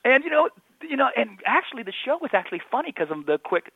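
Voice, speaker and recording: A quick-talking man calls in over a thin, tinny phone line. He tells his stories with energy, putting on the voices of the people he quotes. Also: very high voice, creaky, husky, no echo. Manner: animated anecdotes, acts out quoted voices. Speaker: comedy magician guest. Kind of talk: casual interview storytelling.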